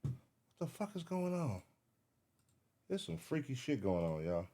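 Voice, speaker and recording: A man giving live reaction commentary, excitable, swearing and thinking aloud as he searches. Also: fairly high pitch, unhurried. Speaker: reaction streamer.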